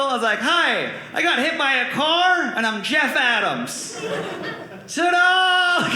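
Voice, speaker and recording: A young man telling a stand-up story on a comedy club stage, animated and acting out voices and sound effects. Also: very high-pitched. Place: comedy club stage before a live audience. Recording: roomy club with loud audience laughter.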